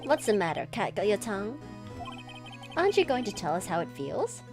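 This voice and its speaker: A woman voicing a smug, scheming middle-aged police chief who talks down to others in a slow, mocking way, reading game dialogue aloud on stream. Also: mid-range voice, big pitch swings, over music. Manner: condescending, mocking, slow and taunting.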